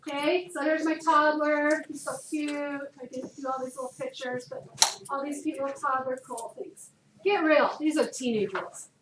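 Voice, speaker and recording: A woman chemistry teacher lecturing a class, chatty and lively, often asking students questions. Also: high voice, moderate pace. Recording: echoey room, distant, noisy.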